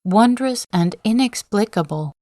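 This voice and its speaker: A woman's voice: mid-range voice, animated, dark tone, dry recording, clean studio sound, voice pushed up, natural voice. A woman reading the lines of a devout, awestruck young wife in a sleep-story audiobook, earnest and wondering. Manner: earnest, wondering exclamation, read slowly.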